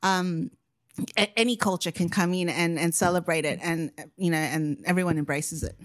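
A woman's voice: fairly low pitch, steady tone, normal speed. A woman chatting as a guest and telling stories, laughing often and using a lot of fillers. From Australia. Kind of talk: casual chat.

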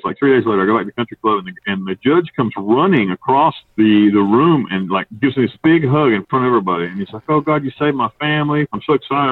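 Over a distant, tinny phone line with no room sound, a husky, low-voiced man from North Carolina, USA, is being interviewed. He spins a rambling, profane story, rapidly acting out what other people said.

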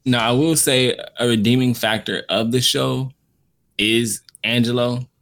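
A man's voice: medium pitch, measured pace. A man in casual conversation reviewing an anime series, rambling loosely with lots of filler words. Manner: relaxed, rambling, frequent "like" fillers. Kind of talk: casual podcast chat.

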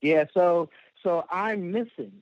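A man's voice: sits high, takes it slowly, dry recording. Man telling a rambling story, dull recording. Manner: rambling, many fillers, laughs at own story. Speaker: guest. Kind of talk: casual storytelling. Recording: dull lo-fi dry sound.

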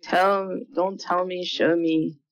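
A woman's voice: fairly low pitch, level tone, slow, no echo. A woman co-hosting a podcast, making wry, teasing remarks while watching a movie. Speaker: podcast co-host. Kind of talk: casual movie-watch commentary. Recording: dull lo-fi sound.

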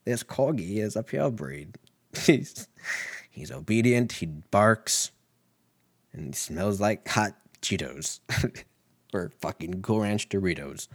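A man's voice: lowish voice, lively intonation, slow pace, pauses often, dry recording, clean studio sound. A man putting on the voice of a cheery 1940s-style male presenter, with old-timey showman patter. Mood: showy.

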